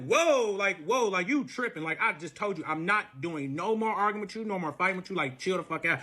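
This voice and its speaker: A man retelling a messy relationship story in casual speech, animated and profane, acting out every quote. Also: high voice, brisk, hardly any pauses. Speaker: storyteller guest.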